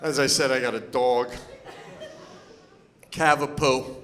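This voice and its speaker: A man performing stand-up comedy on stage, telling stories in a loud, animated way and yelling his punchlines. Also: mid-range voice, slow, big-room sound, crowd noise, background noise. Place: comedy stage before a live audience.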